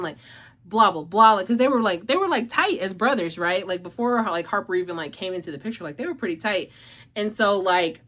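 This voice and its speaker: Speaking a little fast in an expressive, mid-range, somewhat bright voice, a woman hosts a casual book review vlog. She gushes with emotion, leans heavily on "like," swears, laughs often, and is a bit out of breath.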